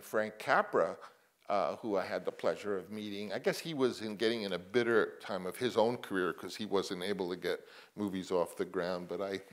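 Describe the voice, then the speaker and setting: An older man, a guest on a panel, telling stories in a rambling, halting way. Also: on the low side. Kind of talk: anecdotal panel conversation.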